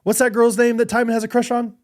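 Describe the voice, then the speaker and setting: A man's voice: very high voice, little pitch movement, fast. A man co-hosting a podcast, running a casual quiz with lots of laughter and hesitant filler words. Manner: giggly, hesitant, lots of ums. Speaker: podcast co-host.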